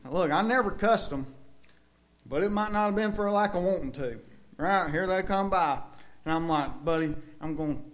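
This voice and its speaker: A man's voice: sits high, moderate pace, a bit bright. A man with a Southern US accent preaching a sermon in a church, folksy and conversational, with emphatic outbursts.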